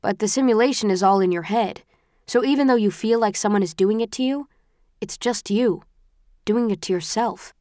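Bookish tired young guy, reasoning and level, read by a woman; keep it close to her own voice, medium pitch. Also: normal speed, no room sound, close to an everyday voice. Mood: explaining. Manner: steady, reasoning, mildly lecturing. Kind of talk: audiobook character voice.

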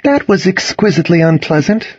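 A man voicing a sharp-tongued, witty teenage girl in a storybook reading. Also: on the low side, very animated, a little fast, breathy edge, no room sound, muffled recording, pitched above the performer's own voice. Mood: wry.

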